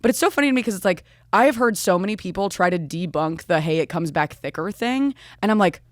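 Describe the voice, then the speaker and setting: A woman in her thirties, a comedian guest chatting on a podcast, expressive and swearing freely. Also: lowish voice, fast talker, no echo, studio quality. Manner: expressive, swearing, laughs often. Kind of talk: casual chat.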